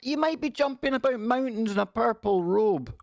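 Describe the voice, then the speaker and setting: A man's voice: extremely high pitch, expressive, moderate pace, dry recording. A man hosting a casual livestream, joking wryly and reading news passages aloud. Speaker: livestream host. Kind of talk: casual live-stream commentary.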